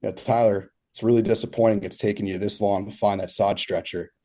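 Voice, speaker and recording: Man voicing a radio-calling boss, low pitch, mellow, mock letdown. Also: steady tone, a little fast, lightly acted. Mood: mock disappointment.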